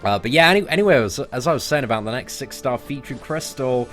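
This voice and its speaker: A young man casually commentating his mobile game live, chatty and jokey, thanking viewers as he plays. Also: fast. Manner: chatty, jokey, lively pitch jumps when excited. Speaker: gaming livestream host. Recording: faint music behind.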